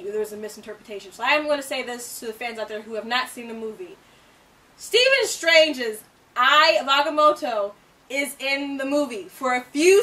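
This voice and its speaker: A woman co-hosting a casual movie review chat, excitable and laughing often. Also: recorded from a distance. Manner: excitable, laughs often, goes high when mocking critics. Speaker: co-host of a movie review show. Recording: voice from away from the mic.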